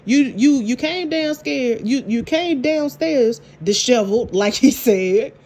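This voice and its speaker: A woman, casually recapping a TV drama episode, animated and laughing, with lots of repeats and restarts. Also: high voice, a little slow. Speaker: TV show reviewer.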